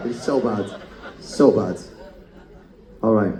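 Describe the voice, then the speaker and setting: A man hosting a comedic live game show on a cruise ship, teasing contestants with quick banter and frequent laughter. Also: mid-range voice, steady tone, dark tone, reverberant, rough recording.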